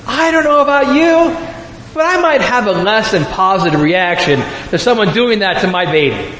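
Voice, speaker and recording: A man's voice: sits high, animated, normal speed, fairly bright tone, slight background noise. A man preaching a conversational, humorous sermon to a live audience, telling stories and speaking directly to the listeners. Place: large hall with a live audience. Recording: echoey hall, faint ambience.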